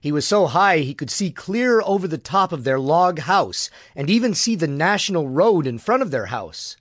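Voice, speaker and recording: Lively male audiobook narrator. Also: on the high side, no room sound, studio quality. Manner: measured, expressive storytelling. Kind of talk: scripted narration.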